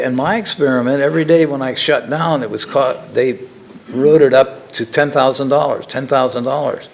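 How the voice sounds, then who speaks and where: An older man, a former lab technician, telling his story in a casual, halting way with frequent chuckles. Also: medium pitch, vocal fry.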